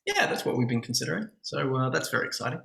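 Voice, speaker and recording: A man co-hosting a writers' podcast, talking in a relaxed, hesitant way with many ums. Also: mid-range voice, racing, creaky, reverberant. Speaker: podcast co-host. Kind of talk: casual podcast chat.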